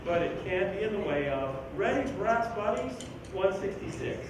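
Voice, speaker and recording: A man leading a school band rehearsal, giving animated, joking instructions and singing rhythms aloud to show phrasing. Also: high-pitched, normal speed. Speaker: band clinician conducting a rehearsal. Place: school band room, indoors. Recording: very echoey room from far off with background noise.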